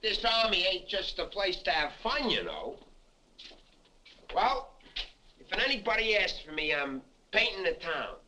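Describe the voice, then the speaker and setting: A bossy sarge, high and sharp, slow and swoopy, fussing about neatness. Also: male voice, very animated, heavily acted, low-quality recording. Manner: bossy, drawling, self-important. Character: pompous army sergeant, man, fussy. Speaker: army sergeant. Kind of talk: 1950s film acting. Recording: old film soundtrack, light hiss.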